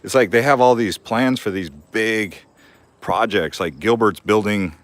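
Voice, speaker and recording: Deep-voiced young man live-streaming outdoors. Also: measured pace, no room sound. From Arizona. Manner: rambling, laughs often, talks to his dog. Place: backyard garden outdoors.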